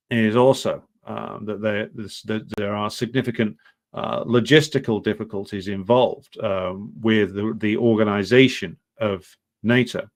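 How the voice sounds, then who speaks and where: A man delivering off-the-cuff commentary while reading from an article. His voice sits a little low, and he often stalls on fillers and restarts. His tone is dry and sardonic. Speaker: political commentary host.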